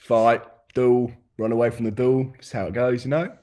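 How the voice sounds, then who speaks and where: A man voicing gossiping male rat-folk bandits at a campfire with a put-on rough accent, calling people mate. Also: mid-range voice, flat delivery, normal speed, mellow, close to an everyday voice. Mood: gossipy. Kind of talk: improvised tabletop role-play voices.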